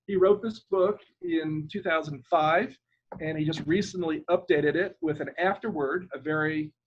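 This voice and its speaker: A man's voice: a little high, steady tone, moderate pace, muffled recording, a little hiss or hum. An older man from Ireland, a retired government lawyer, talking as a guest over a video call in a rambling, hesitant way and spelling out names letter by letter.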